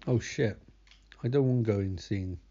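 A man's voice: lowish voice, normal speed, warm tone. A young man recapping a movie in casual, sardonic commentary. He swears often and keeps losing track of the characters' names. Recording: slightly dull lo-fi recording.

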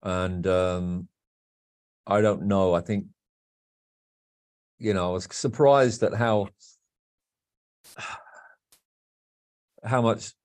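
A man's voice: deep voice, fairly even intonation, extremely slow, pauses often, a little mellow. A man, originally from Wolverhampton, chatting candidly and rambling a little as a podcast guest. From Wolverhampton, England. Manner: rambling, candid, repeats himself. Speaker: guest, band frontman. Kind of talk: casual podcast interview.

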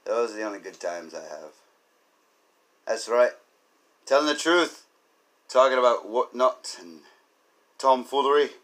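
Male comedy podcast host, loose rambling monologue, self-deprecating goofball, average pitch. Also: expressive, a little slow, long pauses, a bit bright. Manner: rambling, goofy, self-mocking jokes.

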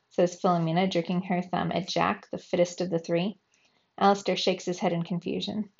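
Woman reading a children's book, gravelly. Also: on the low side, fairly even intonation, moderate pace, a little mellow, lo-fi sound. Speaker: reader. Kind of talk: children's book read aloud.

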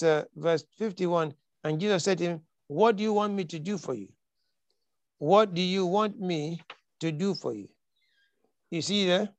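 High-voiced preaching man, emphatic. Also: no echo. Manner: emphatic preaching, repeats key lines, quotes scripture dramatically. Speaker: pastor. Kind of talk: sermon.

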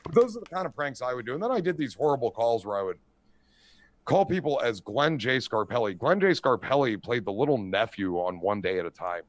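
Middle-aged male host, very expressive pitch, dry close mic, chatty and profane. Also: fairly quick, no echo. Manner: animated storyteller, swearing, lots of "you know what I mean". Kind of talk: casual chat.

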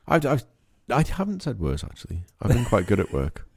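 Deep-voiced Manx man, sweary and animated. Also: brisk, creaky, husky, no echo, clean studio sound. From Isle of Man. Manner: sweary, laughing, animated storytelling. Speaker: podcast co-host. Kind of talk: casual comedy chat.

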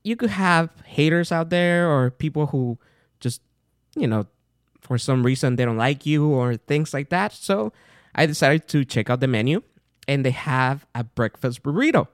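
A man's voice: on the high side, normal speed, dry recording, clean studio sound. Chatty man telling a story. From outside the United States. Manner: animated, chatty, with fillers and retold dialogue. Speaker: podcast host. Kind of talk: casual storytelling monologue.

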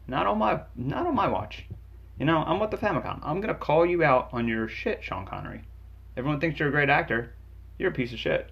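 Brief: gravelly male game reviewer, angry sarcastic comedic rant, muffled lo-fi recording. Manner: angry, profane, sarcastic, jumps pitch for emphasis. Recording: dull lo-fi sound.

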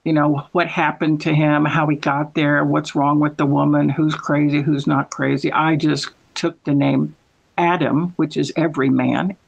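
Gravelly-voiced man telling rambling stories. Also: fairly high pitch, little pitch movement, normal speed, muffled recording. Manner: rambling, storytelling, with self-corrections. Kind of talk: casual chat.

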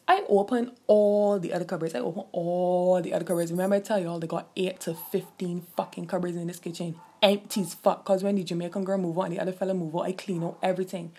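A woman telling a heated, profane story to her viewers in a casual rant, jumping high in pitch when she quotes herself. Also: fast, darkish tone, breathy edge. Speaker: streamer venting to viewers.

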